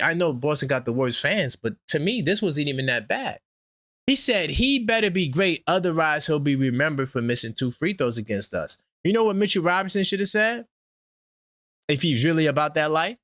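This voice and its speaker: A man hosting a casual sports fan stream, talking animatedly and trash-talking, swinging between loud outbursts and low asides. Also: dry recording, studio quality. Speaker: sports channel host.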